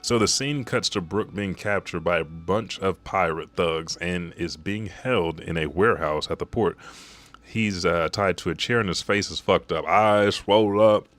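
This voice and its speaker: A man's voice: low voice, normal speed, fairly bright tone. A man casually recapping and reacting to a manga chapter, with profane, rambling asides. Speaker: manga summary youtuber. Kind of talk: casual live reaction summary.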